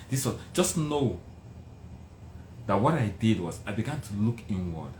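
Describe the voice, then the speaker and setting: Pausing often, and at a normal speed, this middle-aged Nigerian-accented motivational speaker recounts his life with animated emphasis and dramatic repetition. His voice is on the low side, and the room-heavy recording carries faint noise.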